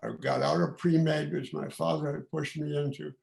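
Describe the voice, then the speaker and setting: A man in his eighties, originally from Canada, giving informal remarks at a celebration in a halting, reflective way, with many pauses and restarts. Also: on the high side, flat delivery, vocal fry, a little mellow. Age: 80s. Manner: reflective and candid. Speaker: guest of honour giving remarks.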